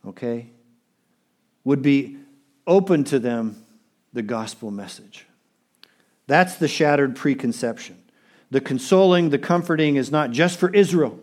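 A man's voice: fairly high pitch, darkish tone. A pastor preaching a sermon, emphatic and repeating phrases for stress while he speaks straight to his congregation.

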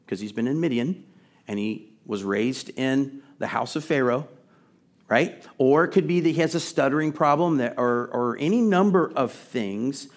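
A middle-aged man preaching a sermon in a conversational way, building to emphatic, rising questions. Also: medium pitch. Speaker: pastor.

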